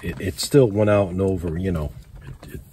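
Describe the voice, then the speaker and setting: A very deep-voiced older man talks easily and slowly, drifting from thought to thought with plenty of "uh" and "you know". He vlogs from inside a canvas tent with a wood stove. A steady hiss of background noise runs under the recording. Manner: laid-back, rambling, lots of fillers. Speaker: outdoors vlogger. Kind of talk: casual camp vlog.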